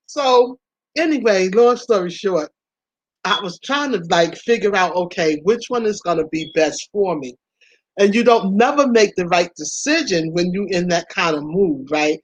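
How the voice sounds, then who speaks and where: A woman's voice: mid-range voice, very animated, a little slow, fairly bright tone, dry recording. A woman hosting her own channel, chatting candidly about past relationships, laughing often and talking to listeners as y'all. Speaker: vlog host.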